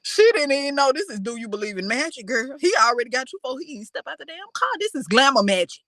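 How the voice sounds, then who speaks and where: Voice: sits high, animated, fast talker, fairly bright tone, no room sound. A reaction host giving sassy, profane commentary straight to the viewer.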